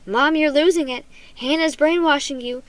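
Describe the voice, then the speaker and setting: A woman's voice: high voice, normal speed, a bit bright, dry recording, voice pushed up, poor audio. A woman voicing an anxious, jealous preteen boy who pleads and insists in a storybook reading. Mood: pleading, alarmed.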